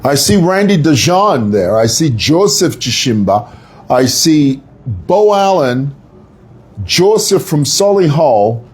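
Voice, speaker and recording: A man's voice: on the high side, big pitch swings, slow, a little mellow, husky. A man hosting a live online show, talking in a chatty, playful, rambling way. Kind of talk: live-stream commentary. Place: city workplace.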